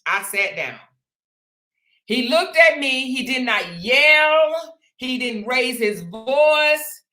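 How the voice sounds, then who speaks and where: A woman host telling a personal story to her viewers, animated and chatty, calling them "y'all" and "honey". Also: high voice, takes it slowly, soft background music. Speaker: show host.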